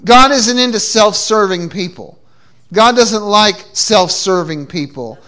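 Man, pastor, from New England, sermon, high voice, bright tone, call-and-response, repeats his words. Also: unhurried. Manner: call-and-response preaching, frequent repeated restarts. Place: church.

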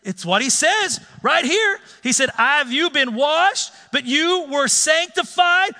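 Lively high-voiced preacher in echoey church. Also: male voice, measured pace, hardly any pauses. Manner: lively, urging the congregation to join in. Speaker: pastor. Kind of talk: sermon. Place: church sanctuary.

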